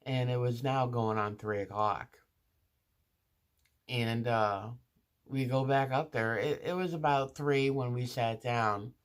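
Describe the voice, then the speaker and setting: A woman's voice: rumbling low, slow pace. A woman vlogger telling a casual story in a chatty monologue, with restarts and asides, acting out the other people in it.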